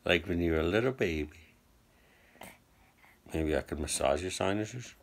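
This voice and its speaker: A sick father talking softly and dotingly to his baby in a home video, recorded indoors on a phone, often dropping to a hush. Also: deep voice, animated, moderate pace. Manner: soft, doting baby talk, often hushed. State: sick, with a cough. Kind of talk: casual home video talk. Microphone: phone camera.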